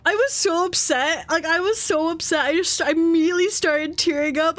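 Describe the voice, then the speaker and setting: A high-pitched woman chatting on a live stream in an excitable, giggly way, swearing casually as she talks. Faint music plays softly behind her voice. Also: normal speed.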